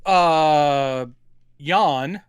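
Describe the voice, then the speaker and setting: A man's voice: a little high, extremely slow, clean tone, no echo, studio quality. A man from Mississippi without a Southern accent, co-hosting a podcast in casual, joking movie chat. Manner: joking, chatty, full of restarts. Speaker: podcast co-host.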